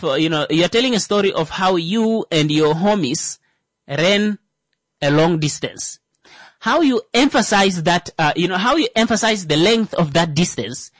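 A man's voice: high-pitched, fairly bright tone, no echo. Rambling man, dry close sound. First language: Thimbukushu. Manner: rambling, many fillers and restarts. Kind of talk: casual comedic monologue.

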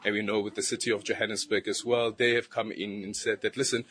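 Upbeat man, low voice. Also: flat delivery, fast talker, fairly bright tone. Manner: upbeat, promotional, fluent with fillers. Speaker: government official interviewed on tourism. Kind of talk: news interview answers.

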